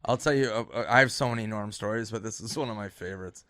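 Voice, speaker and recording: A male comedian telling a loose, rambling story in casual chat. He swears freely and drifts into soft, subdued tones. The recording is close and dry, with no room sound. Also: on the low side, fast, no room sound. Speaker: stand-up comedian.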